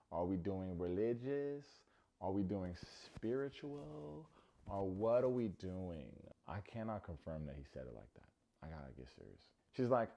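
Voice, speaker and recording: A man with a lowish voice recaps a reality dating show in a casual, joking, animated way, often mimicking lines from the cast. The recording has a lo-fi sound.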